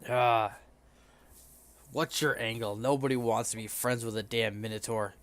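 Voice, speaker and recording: A man voicing a surly minotaur in a tabletop game, gruff and dismissive. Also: medium pitch, steady tone, moderate pace, lightly acted. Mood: suspicious. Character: surly male minotaur tavern-goer, suspicious.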